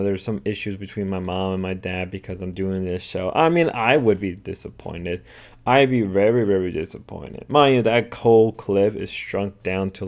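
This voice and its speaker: Low-voiced man doing rambling commentary. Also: darkish tone. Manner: rambling, filler-heavy. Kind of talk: casual commentary.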